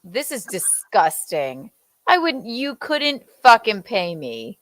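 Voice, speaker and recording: A young woman in casual podcast chat, unhurried and swinging widely in pitch as she teases and curses. Her voice sits dry and close with no room around it. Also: sing-song, no echo. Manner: teasing and profane, acting out quoted voices. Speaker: podcast co-host.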